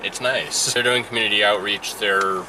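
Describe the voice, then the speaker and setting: Tired, low-voiced man, far off. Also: fairly even intonation, moderate pace. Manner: dry, brief replies. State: tired, yawning. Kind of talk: casual chat. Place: car and outdoors. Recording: distant voice with street noise.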